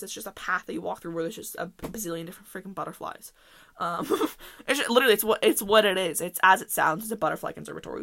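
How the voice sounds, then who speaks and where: A young adult woman hosting a casual solo podcast, telling stories in a rambling, animated way and laughing often. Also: medium pitch, vocal fry. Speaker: podcast host.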